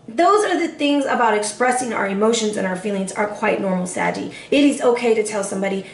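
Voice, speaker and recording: A woman's voice: medium pitch, animated, quick pace, few pauses, roomy sound, a little hiss or hum. A woman giving a casual tarot forecast straight to the viewer, sassy and chatty, calling her listener baby. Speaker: tarot reader.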